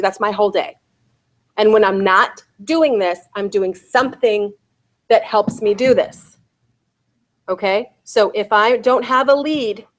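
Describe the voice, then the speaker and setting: A woman in her forties giving a real estate sales bootcamp talk, often asking her audience "right?" and "okay?". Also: mid-range voice.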